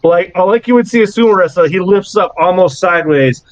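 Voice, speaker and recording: A man's voice: high-pitched, a little fast, dry recording, dull audio. A man narrating a tabletop role-playing game as game master, breaking into laughs between rambling descriptions.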